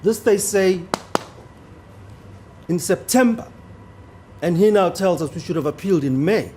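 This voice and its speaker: Guy arguing law to a judge in court, formal, leans hard on key words, kinda high but mellow voice. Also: expressive, a little slow, slight background noise. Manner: formal, deferential to the bench, emphatic on key words. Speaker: advocate. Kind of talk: courtroom legal argument.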